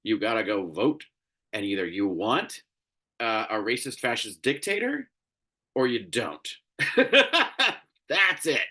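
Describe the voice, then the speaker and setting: A man's voice: medium pitch, big pitch swings, slow, sharp tone. A man hosting a solo commentary show, ranting in a profane, exasperated way, tired and crabby. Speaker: show host.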